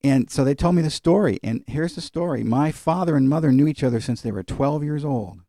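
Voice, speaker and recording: A man's voice: a little high, fairly quick, mellow, dry recording, studio quality. A middle-aged man leading an informal Bible study, talking in a conversational, digressive way with fillers and chuckles. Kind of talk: informal Bible teaching with personal stories.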